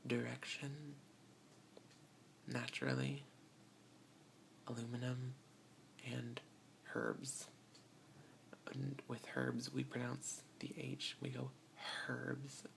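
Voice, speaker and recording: ASMR creator: slow, gravelly whisper with a faint hiss behind. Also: medium pitch, flat delivery. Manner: whispers, with soft breathy laughs. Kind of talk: soft-spoken ASMR.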